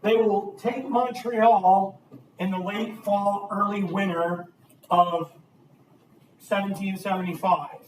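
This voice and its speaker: A man's voice: sits high, slow, slight background noise. A man teaching a history class, lecturing with energy and asking his students questions. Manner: lively, asks the class questions. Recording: roomy, distant classroom recording.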